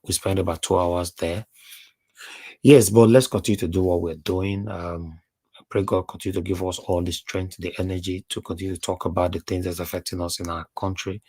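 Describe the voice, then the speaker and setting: Husky deep-voiced Nigerian man. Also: little pitch movement, a little fast, dark tone, no echo. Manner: emphatic, repeats words, mixes in Pidgin. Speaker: live stream host and panelist. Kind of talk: heated livestream monologue.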